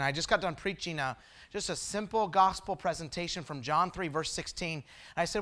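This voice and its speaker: A male preacher with a high-pitched voice delivers a sermon. His tone is bright and forceful, and he swings between loud, emphatic preaching and low, hushed asides. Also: brisk.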